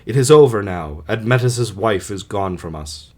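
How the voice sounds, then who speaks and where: A man voicing a solemn chorus leader in his own voice, reading measured lines of consolation for an amateur audiobook. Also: on the low side, lively intonation, darkish tone. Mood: consoling.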